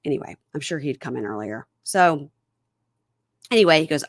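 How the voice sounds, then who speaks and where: Woman gabbing thru a show recap, lowish voice, bounces into characters, dry close sound. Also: animated, normal speed, dry recording. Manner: retells scenes acting out both sides with big pitch jumps. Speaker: podcast host recapping reality TV. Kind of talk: casual chat recap.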